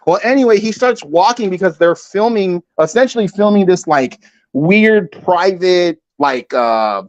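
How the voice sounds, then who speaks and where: A man's voice: high voice, lively intonation, unhurried, lo-fi sound. A man guesting on a livestream, telling a story in a rambling, casual way full of "like" and "you know". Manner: rambling, filler-heavy, acts out quotes.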